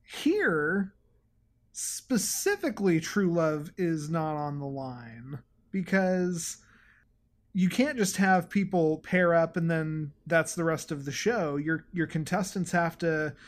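A man's voice: on the high side, lively intonation, slow pace. A man co-hosting a podcast in casual chat, sarcastic and often stammering and restarting his words. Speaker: podcast co-host.

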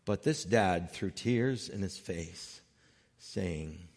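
A man preaching a sermon as pastor, earnest, rising loud on key points and dropping soft and slow when moved. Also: deep voice, breathy edge. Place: church sanctuary. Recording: long hall reverb with faint music.

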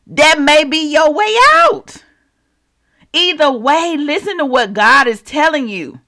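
A preacher teaching scripture in a casual, animated way, reading verses and turning to the listeners with quick asides. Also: high voice. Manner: animated, talks straight to the audience with asides; slangy and conversational while quoting scripture. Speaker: Bible teacher.

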